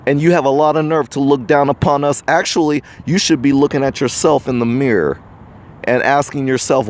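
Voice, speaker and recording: A man's voice: medium pitch, steady tone, fairly quick. An American man hosting a podcast, giving a preachy, indignant opinion monologue to the viewer. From United States. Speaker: podcast host.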